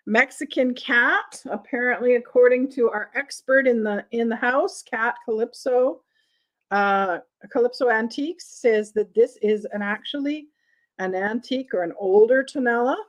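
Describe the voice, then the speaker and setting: Middle-aged woman, live sale host, unhurried, reading out prices and lot numbers in a friendly, chatty way. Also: a little high. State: has the hiccups. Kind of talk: live-streamed vintage sale chat.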